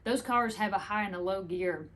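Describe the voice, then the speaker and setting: A woman's voice: mid-range voice, normal speed, fairly bright tone. A woman, chatting casually to the camera, rambling through a story with laughs. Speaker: vlogger.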